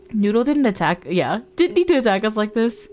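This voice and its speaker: A woman's voice: a little high, a little mellow. A woman streamer chatting playfully while playing a game, giggling and gasping often and greeting her viewers. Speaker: variety streamer. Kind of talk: casual live-stream gameplay chat.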